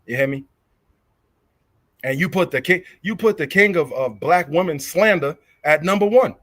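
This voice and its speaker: A man's voice: fairly high pitch, expressive, moderate pace, a bit bright, no echo. A young adult man, hosting a casual livestream and ranting in a heated, profane way that keeps repeating itself. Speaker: livestream host.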